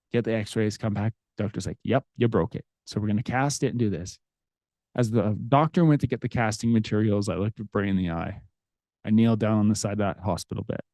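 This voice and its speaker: Earnest dad with a mellow voice. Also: male voice, on the low side, brisk, no echo. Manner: earnest, reflective, with restarts. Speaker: podcast host. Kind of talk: personal storytelling.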